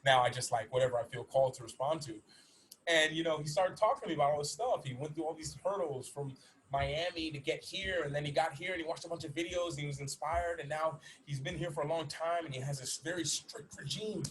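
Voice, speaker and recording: Quick-talking guy in his 30s telling his story to a group, earnest, lots of restarts, faint background hum. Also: fairly high pitch, a bit bright, rough recording. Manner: earnest, rapid, with many restarts. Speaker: motivational speaker and former athlete. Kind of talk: personal storytelling to an audience. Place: in Bali.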